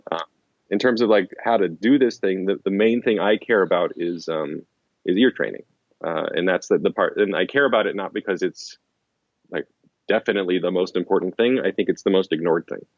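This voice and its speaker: A man's voice: low-pitched, brisk, no room sound, muffled recording. A man as an interview guest, explaining in casual rambling talk full of restarts and fillers. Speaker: interview guest, language-learning author.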